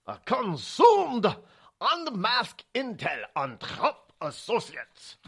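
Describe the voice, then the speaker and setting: Man doing a hammy mock German accent, slow and high, swinging pitch. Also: wildly swooping pitch, vocal fry, fairly bright tone, husky, full character voice. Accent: German, put on.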